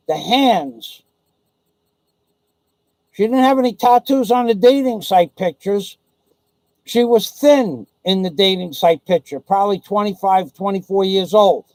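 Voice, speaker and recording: A man's voice: sits high, a little mellow, no room sound, low-quality recording. A man vlogging in an indignant, profane storytelling rant. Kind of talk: ranting monologue.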